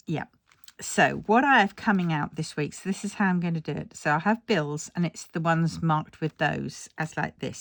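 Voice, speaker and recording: An older woman chatting casually about her budget, rambling and self-deprecating and a little tired. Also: deep voice. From England. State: tired, yawning. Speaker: budgeting vlogger. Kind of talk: casual chat.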